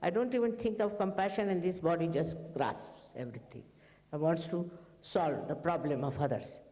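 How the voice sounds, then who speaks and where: A woman's voice: low-pitched, moderate pace, mellow. A woman spiritual teacher giving a rambling, anecdotal talk to her followers, acting out bits of dialogue. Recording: long echo of a large hall.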